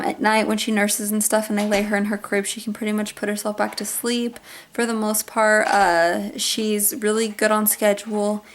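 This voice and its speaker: Chatty young mom vlogging. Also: female voice, medium pitch, slight background noise. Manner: chatty, lots of "um" and "like". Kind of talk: casual baby update vlog. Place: home with baby.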